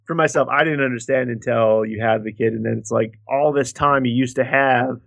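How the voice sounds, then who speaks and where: A man's voice: medium pitch, fairly even intonation, a little fast, vocal fry, a bit bright, dry recording. A man co-hosting a podcast in casual chat, rambling and correcting himself, swearing casually. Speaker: podcast co-host.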